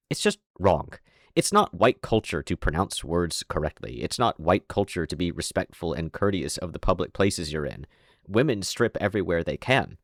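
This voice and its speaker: A man's voice: deep voice, no echo. A man with an American accent and a slight Southern twang, delivering a sardonic, opinionated commentary monologue with dry asides. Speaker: online commentator.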